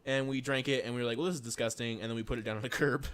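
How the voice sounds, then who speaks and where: A man's voice: mid-range voice, steady tone, racing, fairly bright tone, smooth. A man co-hosting a podcast, casually telling stories and acting out what people said. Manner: laid-back storytelling, acts out quotes in a raised voice. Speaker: podcast co-host. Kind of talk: casual chat.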